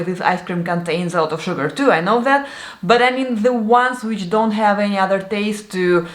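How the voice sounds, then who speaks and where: A woman's voice: medium pitch, a bit bright. A woman from Siberia, chatting candidly about products she liked in a casual vlog. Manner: chatty, candid, laughs often. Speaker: vlogger. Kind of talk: casual product review chat. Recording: echoey room.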